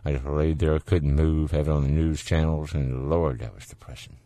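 A man with a Southern US accent hosting a call-in radio show, folksy and quick to laugh. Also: rumbling low, fairly even intonation, mellow, no echo. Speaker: radio talk show host. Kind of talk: casual call-in chat. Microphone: studio microphone.

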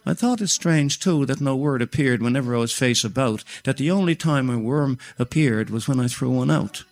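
An older man, a storyteller reciting a rhyming tale in a steady rhythm. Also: medium pitch, moderate pace, faint music behind.

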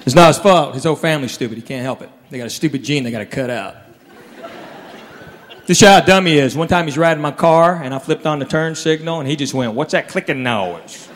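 A man's voice: a little high, fast talker. A man doing a stand-up routine, drawling and laughing at his own jokes. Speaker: stand-up comedian. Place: comedy club stage. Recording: live room with long reverb and audience. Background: crowd laughter, room noise.

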